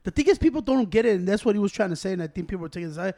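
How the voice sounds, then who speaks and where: A man chatting casually on a podcast, telling animated stories with loud acted-out quotes and lots of laughter. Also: high-pitched, rapid-fire, gravelly. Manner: animated storytelling, acts out quotes loudly; swears a lot, laughs often. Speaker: podcast co-host. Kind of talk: casual chat.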